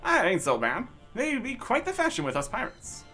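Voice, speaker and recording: Gruff, battered pirate sailors in a game, grumbling in thick pirate talk, as a man voices them. The pitch rises and falls a lot. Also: wildly swooping pitch, moderate pace, pushed and bright, soft background music, heavily acted. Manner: gruff pirate dialect, "aye", "me bones". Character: rough injured male pirate sailors.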